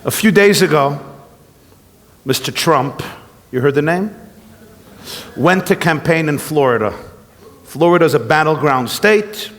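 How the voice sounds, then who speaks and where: Animated high-voiced rabbi in a reverberant hall. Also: male voice, measured pace, long pauses. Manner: animated, joking storyteller. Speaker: rabbi, keynote speaker. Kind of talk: humorous keynote speech. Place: large event hall. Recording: long reverb from a large hall.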